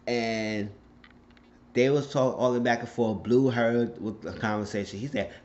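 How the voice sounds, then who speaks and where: A man's voice: medium pitch, normal speed, darkish tone, muffled recording. A man recapping a TV episode in a casual, outspoken and profane way, getting openly indignant. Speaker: recap vlogger.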